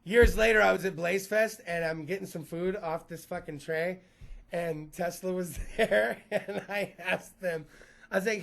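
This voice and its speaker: A man's voice: high-pitched, unhurried, vocal fry, a bit bright. A man hosting a podcast, telling rambling comic stories full of profanity and frequent laughter. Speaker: podcast host. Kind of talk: comedic storytelling monologue.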